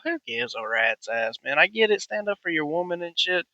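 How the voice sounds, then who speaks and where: A man's voice: on the high side, very animated, moderate pace, bright, forceful tone, dry recording, dull audio. A man, hosting a profane, blunt, rambling monologue. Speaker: podcast host. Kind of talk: ranting monologue.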